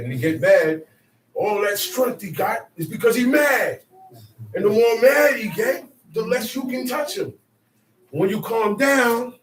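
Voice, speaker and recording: A man leading a bible study, emphatic and animated, acting out quotes and sometimes shouting. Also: extremely high pitch, a little slow. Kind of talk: animated spoken teaching. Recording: echoey room, mic far off, faint noise.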